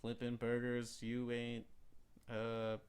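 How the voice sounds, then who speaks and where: A man's voice: mid-range voice, completely flat delivery, slow, a little mellow, smooth. A man joining a podcast as a guest, chatting casually and throwing in jokey asides. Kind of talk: casual chat.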